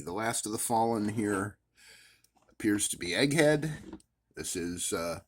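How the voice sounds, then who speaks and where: Rambling low-voiced man, full of "uh"s. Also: normal speed. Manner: rambling, many "uh" fillers, wry self-amused asides. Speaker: action figure collector vlogger. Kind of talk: casual rambling show-and-tell. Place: at his worktable at home.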